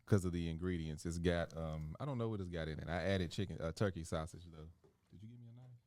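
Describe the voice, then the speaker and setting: A man's voice: deep voice, quick pace, a little mellow, dry recording. A man co-hosting a podcast in casual chat, laid-back and mumbling. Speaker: podcast co-host.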